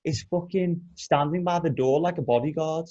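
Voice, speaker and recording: A man's voice: fairly high pitch, moderate pace, dull audio. A young man hosting a podcast, telling a story in casual chat with lots of swearing. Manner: animated storyteller, swears a lot. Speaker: podcast host.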